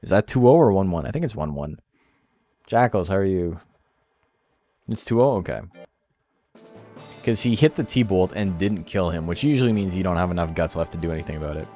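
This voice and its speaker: Man, very low voice, casual stream chat, laid-back, rambling, faint background music. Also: expressive, a little fast, pauses often, warm tone. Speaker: streamer commentating a game tournament.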